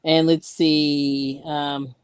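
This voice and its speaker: A woman's voice: low voice, little pitch movement, drawn-out words, smooth, no room sound. A woman hosting a casual craft live stream, chatting and laughing often as she reads out viewer comments while sewing in yarn ends.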